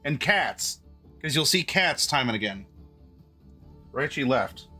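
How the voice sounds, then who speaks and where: A man's voice: medium pitch, big pitch swings, slow pace, sharp tone, breathy edge, soft background music. A man hosting a live stream, chatting casually with his viewers and often restarting his sentences. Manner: chatty, restarts often, addresses chat directly. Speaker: streamer host.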